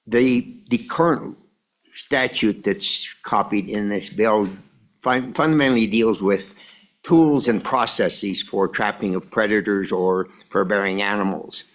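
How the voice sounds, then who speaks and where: A man giving formal, measured testimony to a committee, addressing the chair. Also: lowish voice, a bit bright. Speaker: industry representative testifying.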